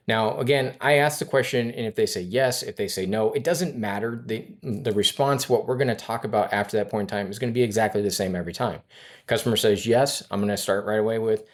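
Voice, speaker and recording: A man giving a sales training talk in a brisk coaching manner, acting out lines he would say to a customer. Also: lowish voice. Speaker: finance and insurance sales trainer.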